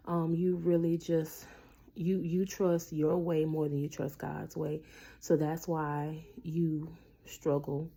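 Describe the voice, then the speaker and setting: A woman's voice: deep voice, vocal fry, warm tone, husky. A woman in a casual, earnest faith talk to camera, preaching to her viewers with lots of fillers. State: tearful at times. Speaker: Christian vlogger.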